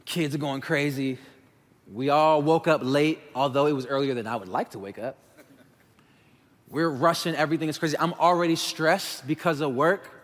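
A male pastor with a fairly high voice delivers a frank, talky sermon in a church sanctuary. His voice trails off into a long hall reverb. He speaks to the congregation directly and casually. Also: moderate pace. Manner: conversational and candid, addressing the congregation as y'all.

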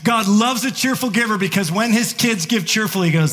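A man's voice: sits high, a little fast, hardly any pauses, fairly bright tone. A man preaching a sermon to his congregation, talking in a playful, conversational way and chuckling between points. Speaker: pastor. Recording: long reverb of a large hall.

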